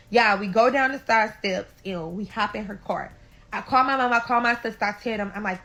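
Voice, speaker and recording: Bright-voiced St. woman telling a story. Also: mid-range voice, moderate pace, low-quality recording. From St. Louis, USA. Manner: animated, keeps calling out to listeners, swears freely. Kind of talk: storytime vlog.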